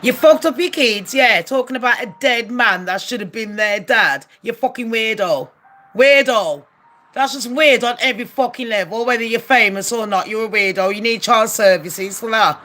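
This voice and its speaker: A woman delivers a blunt, profane opinion rant straight to her viewers. Her voice sits high and she keeps hammering home her points with heated rhetorical questions. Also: moderate pace, hardly any pauses, pushed and bright. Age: adult. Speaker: commentary vlogger.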